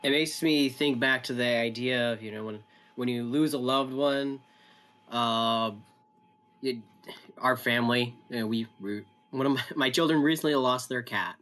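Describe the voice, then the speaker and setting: A man's voice: mid-range voice, normal speed, fairly bright tone. A man in a conversational Bible study, reflective and thinking aloud with frequent restarts. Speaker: pastor.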